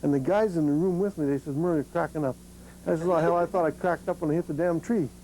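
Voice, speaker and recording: Gravelly man, a bit high-pitched, a lively storyteller talking frankly to students. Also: fast talker, slight background noise, low-quality recording. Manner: animated storyteller, salty, laughs often. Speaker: accident survivor speaking to students. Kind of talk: personal story told to a group.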